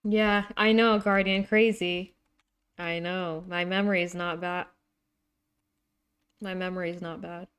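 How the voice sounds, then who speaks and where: A young woman streaming a game live, chatting excitably with her viewers. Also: on the low side, measured pace, long pauses, smooth. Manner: chatty, excitable, talks to chat. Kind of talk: casual live-stream chat.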